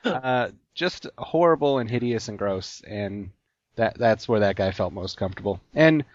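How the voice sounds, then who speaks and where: A man's voice: on the low side, animated, normal speed, dry recording. A man telling a long story in casual chat, rambling with lots of "like" fillers. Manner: rambling, heavy use of "like". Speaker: podcast co-host telling a story. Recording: dull lo-fi sound.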